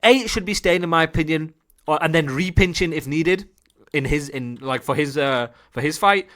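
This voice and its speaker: A man, an esports coach, breaking down gameplay for viewers in an excitable, repetitive, profane way, joking as he goes. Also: on the high side, normal speed. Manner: laughs and jokes while analysing.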